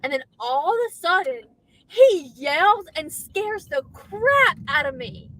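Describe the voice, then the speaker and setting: A woman co-hosting a casual livestream from a car, animated and loud when she gets passionate. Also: high voice, slow, a little hiss or hum, rough recording. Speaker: livestream co-host. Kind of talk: casual chat.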